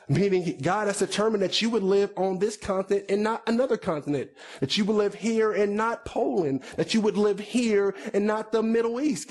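A pastor preaching a sermon in a conversational way, with asides and repeated words. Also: male voice, high-pitched, a little mellow. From United States.

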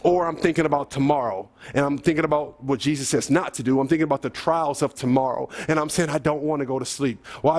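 High-voiced male pastor preaching conversationally. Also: darkish tone. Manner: conversational preaching with rhetorical questions, rising to emphatic peaks. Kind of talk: sermon.

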